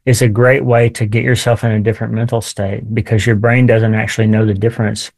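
A man's voice: fairly low pitch, little pitch movement, brisk, gravelly. A man appearing as a podcast guest, explaining his ideas thoughtfully. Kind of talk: conversational interview.

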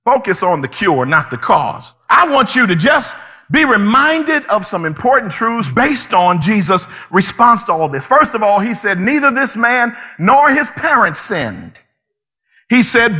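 A male pastor delivers a fiery sermon, his words often rising to a shout. His voice sits very high and rings bright and forceful. A long reverb trails behind him in a large church hall. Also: sing-song, unhurried. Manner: impassioned preaching, often shouting.

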